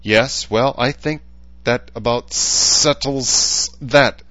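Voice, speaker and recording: Man voicing a wry council elder, dry, raised pitch, storybook audiobook. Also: bright, forceful tone, no room sound, lo-fi sound. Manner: dry and deliberate.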